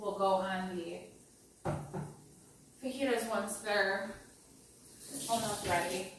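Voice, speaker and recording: A woman's voice: medium pitch, fairly even intonation, takes it slowly, pauses often. Rambling woman in an echoey kitchen. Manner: chatty, rambling, self-deprecating. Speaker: cooking vlog host. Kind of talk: casual cooking chat. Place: home kitchen. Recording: very echoey room, mic far off, noisy.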